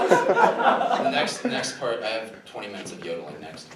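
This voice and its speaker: A man's voice: sits low, huge pitch swings, slow, long pauses. A young man performing a self-deprecating stand-up comedy set to a live crowd, often chuckling at his own jokes. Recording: roomy live recording from a distant mic with room noise.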